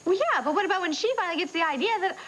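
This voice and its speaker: An anxious young wife on a 1980s TV soap, doubting herself and seeking reassurance. Her voice sits high, with light hiss. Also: lively intonation, very fast, a bit bright. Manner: nervous, self-doubting.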